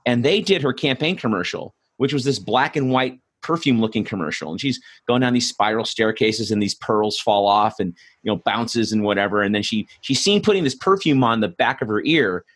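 A man's voice: mid-range voice, expressive, moderate pace, hardly any pauses, fairly bright tone, husky. A man hosting a podcast interview, talking in a loose, rambling way with many restarts. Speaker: podcast host. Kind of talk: casual interview conversation.

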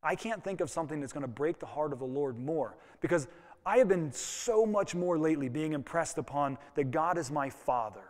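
A man preaches to his congregation in a high voice that carries a long echo through the church. He keeps it conversational and folksy, slipping in personal asides as he goes. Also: expressive, fairly quick, a little mellow. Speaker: pastor. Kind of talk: sermon. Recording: long reverb of a church hall.

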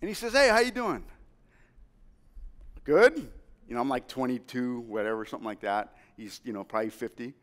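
A pastor in his fifties preaches a sermon, sharing a personal story and asking the congregation to say amen and respond. His medium-pitched voice has lively intonation and a brisk pace with frequent pauses. He drops to a hush, then rises into emphatic calls.

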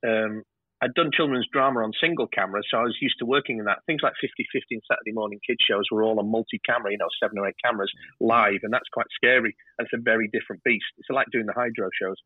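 A man talks quickly and eagerly as an interview guest, tripping over and repeating words as he tells his stories. His voice is a bit husky. He comes through a dry, tinny, phone-like line. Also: fairly low pitch, fairly even intonation, no room sound. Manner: chatty, stumbles and repeats words. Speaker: TV director, podcast guest. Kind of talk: casual interview storytelling.

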